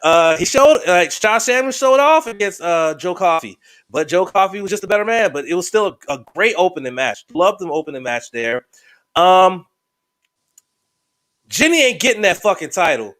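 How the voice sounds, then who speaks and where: A man hosting a podcast, pitched a touch higher than most men. He chats casually and swears freely, jumping from dry asides to excited outbursts. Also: moderate pace, clear, resonant tone. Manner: profane, excitable and joking. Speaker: podcast host. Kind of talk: casual chat.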